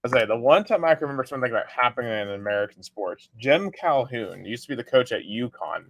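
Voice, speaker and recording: A podcast co-host tells a sports story in a relaxed, conversational way. His pitch is mid-range. The sound is dry and close to the mic. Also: fast, no echo. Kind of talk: casual sports chat.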